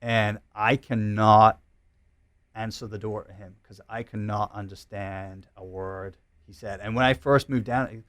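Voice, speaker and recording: A middle-aged man from Glasgow with a softened Glaswegian Scottish accent, chatting as a podcast guest and telling rambling anecdotes he laughs at. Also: on the low side, steady tone, a little slow, no room sound. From Scotland. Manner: rambling storyteller who laughs at his own anecdotes. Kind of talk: casual chat.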